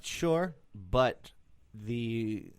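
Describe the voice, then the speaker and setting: A man's voice: medium pitch, lively intonation, extremely slow, clear, resonant tone, dry recording. A man co-hosting a podcast in casual chat, sarcastic and swearing freely. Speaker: podcast co-host.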